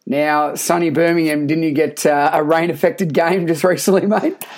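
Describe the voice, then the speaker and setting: A man's voice: a little high, fairly even intonation, normal speed. A man with an Australian accent hosting a podcast interview, upbeat and chatty, calling his guest "mate" and using plenty of fillers. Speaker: podcast host. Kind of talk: casual interview chat.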